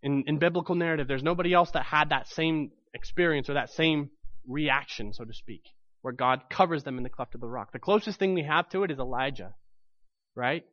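A man's voice: a little high, a little fast, a bit bright, dry recording, dull audio. A man preaching a sermon to his congregation, telling the story with animation and acting out the voices in it.

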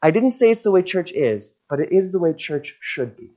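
Informal church sermon, guest preacher, storytelling, animated, muffled lo-fi sound. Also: mid-range voice, normal speed. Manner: animated storytelling, acting out the people it quotes. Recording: dull lo-fi recording.

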